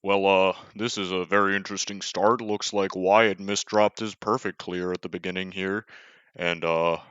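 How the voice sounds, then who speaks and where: A deep, formal male commentator with a measured, announcer-like delivery, as a caster puts him on. His voice sits very low and barely moves in pitch, with a crisp, smooth tone. The sound is dry and dull, like a lo-fi stream mic. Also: little pitch movement, fairly bright tone, dry recording.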